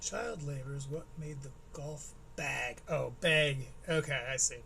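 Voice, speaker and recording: A man's voice: fairly high pitch, vocal fry, heavy background noise. A man with a Michigan Midwestern accent, chatting wryly as a live-stream host reacting to a comedy special. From Michigan, USA. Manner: wry, chatty, quick asides.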